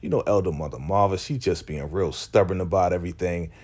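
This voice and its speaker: A man's voice: sits low, quick pace, darkish tone. A man giving a casual, slangy recap of a TV episode, acting out the characters' lines as he goes. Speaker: TV recap YouTuber.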